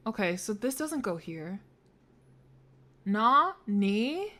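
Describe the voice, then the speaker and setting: A woman's voice: medium pitch, very animated, slow, pauses often, bright, forceful tone. A woman streamer giving let's play commentary, thinking aloud through puzzles, swearing freely and joking around. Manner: playful, jokes between puzzles.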